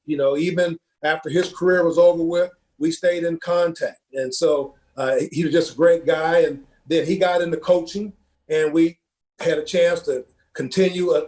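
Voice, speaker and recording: A man, a football coach from Ohio, telling a personal story in an earnest, halting way, with many fillers and repeated words. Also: fairly high pitch, a little mellow.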